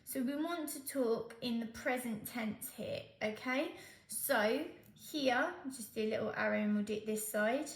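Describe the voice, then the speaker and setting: A woman's voice: on the high side, unhurried, vocal fry. Patient woman teaching Spanish, roomy sound. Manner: patient, explains step by step, checks in with "okay?". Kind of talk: exam tutorial.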